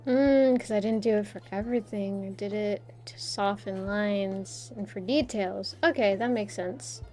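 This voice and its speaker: A woman's voice: mid-range voice, a little slow, mellow, soft background music. A young adult woman streamer who chats casually while drawing, rambling and self-deprecating and laughing often.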